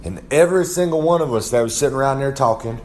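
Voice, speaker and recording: A man's voice: mid-range voice, quick pace, darkish tone, slight background noise. A young man with a Southern American accent, a wrestler talking casually in a rambling, folksy drawl and calling himself by name in the third person. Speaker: wrestler giving a podcast segment. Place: his trailer at home.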